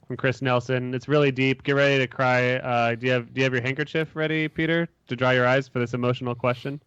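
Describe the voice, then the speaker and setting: Man, podcast co-host, teasing, easygoing, smooth voice, dry sound. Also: mid-range voice, level tone, fast talker, a bit bright, no room sound, dull audio. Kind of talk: casual podcast chat.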